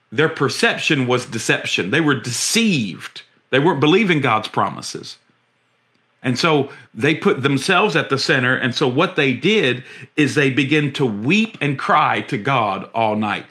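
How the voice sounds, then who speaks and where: Impassioned bright-voiced male preacher. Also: a little high. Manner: impassioned, emphatic, acts out quoted voices; repeats and restarts words while building a point. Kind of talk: sermon.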